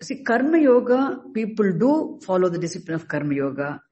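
A man teaching a scripture class, speaking haltingly and stressing key words slowly. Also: sits high, very animated, dark tone, highs cut off. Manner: halting, restarts words, slow emphatic stresses. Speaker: Vedanta teacher.

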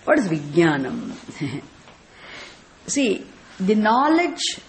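With a mid-range voice and a South Indian accent, a woman from Tamil Nadu, India, gives a scriptural lecture as a spiritual teacher. She tests her audience with rhetorical questions on Sanskrit terms, and there's a little hiss or hum in the recording.

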